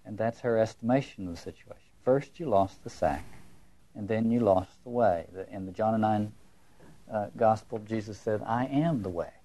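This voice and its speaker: Mellow, husky man lecturing emphatically. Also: on the low side, normal speed. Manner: emphatic, musing, repeats words and poses rhetorical questions. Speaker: lecturer on literature and religion.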